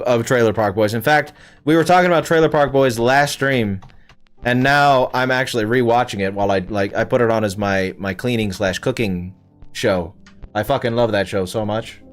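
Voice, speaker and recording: A young man from Canada streaming a game, chatting casually with viewers in a profane, rambling way. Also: medium pitch. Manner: profane, rambling, talks back to chat. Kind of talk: casual livestream chat with viewers.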